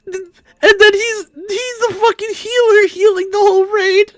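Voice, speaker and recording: A young man livestreaming a game, talking casually and excitably, laughing a lot and swearing freely. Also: extremely high pitch, measured pace, dry recording, clean studio sound. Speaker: streamer. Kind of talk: casual live-stream reaction commentary.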